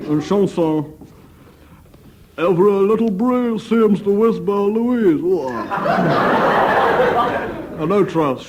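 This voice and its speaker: A man's voice: sits high, heavily acted. A man doing a suave French crooner. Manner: crooning and exaggerated. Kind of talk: improvised impression on a radio panel show. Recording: noisy 1970s radio broadcast with loud audience. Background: studio audience laughter.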